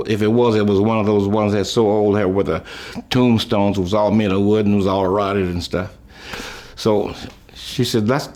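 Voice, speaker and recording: An older man reminiscing about his life, telling rambling, folksy stories with chuckles, trailing off and restarting, and lifting his voice high when he quotes people. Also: a little mellow. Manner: raises his voice high when quoting others. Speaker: musician recalling his life. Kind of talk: rambling storytelling.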